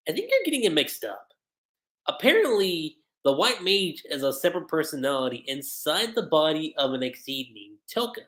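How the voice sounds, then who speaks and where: An animated anime reviewer talks through an episode recap on a livestream, keeping it casual. The voice sits in a middle register but swings widely and expressively in pitch. Character lines are read aloud in between offhand asides.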